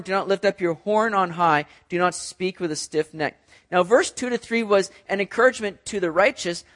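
High-voiced pastor preaching conversationally. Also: male voice, a bit bright. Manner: conversational preaching, addresses listeners as guys; acts out voices in an illustrative story. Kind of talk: sermon.

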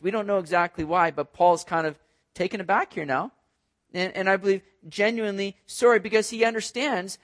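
Man, Bible teacher; conversational, explaining as he goes, high voice.

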